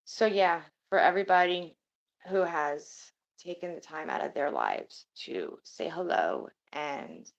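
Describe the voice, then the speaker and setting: A woman's voice: on the low side, sing-song, measured pace, vocal fry, dull audio. A woman streaming and chatting casually with her viewers, rambling and swearing now and then. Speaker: streamer talking to her chat. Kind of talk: casual livestream chat.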